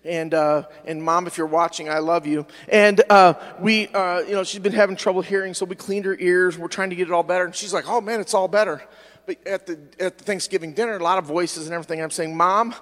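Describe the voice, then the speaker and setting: Middle-aged guy preaching, drags words out slow to hit the point, church echo. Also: sits high, fairly even intonation, a bit bright. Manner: fervent preaching, stretching words slowly for emphasis. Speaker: pastor. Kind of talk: sermon. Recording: long church reverb.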